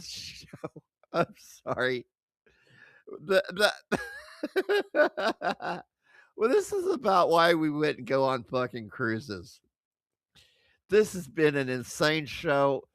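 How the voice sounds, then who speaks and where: A stream host talks slowly and loosely, giggling and swearing while high, with a very lively pitch that swoops up and down. The sound is close and dry, with no room echo. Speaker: livestream host. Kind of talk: casual reaction stream.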